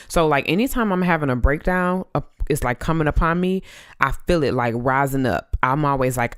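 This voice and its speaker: A woman in her thirties hosting a podcast, telling a story in a chatty, animated way with many fillers. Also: sits low, normal speed, smooth, no room sound, studio quality. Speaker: podcast host. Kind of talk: casual chat.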